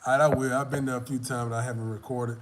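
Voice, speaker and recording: A man's voice: medium pitch, little pitch movement, fast, noisy background. A young man chatting on a live stream, telling a rambling, profane story in a loose, casual way. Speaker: vlogger answering live chat.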